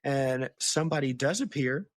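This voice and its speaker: A woman's voice: a bass voice, lively intonation, moderate pace, dry recording. A woman hosting a casual book-club podcast, recapping chapters in a chatty, laughing way. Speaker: podcast host.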